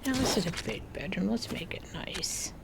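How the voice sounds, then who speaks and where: A woman's voice: mid-range voice, expressive, vocal fry, heavy background noise. A woman giving casual gameplay commentary, chatting to the game's animals in a cooing voice and sometimes dropping to a near-whisper. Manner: slow, unhurried, drifts into soft near-whispers. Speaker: gaming video creator.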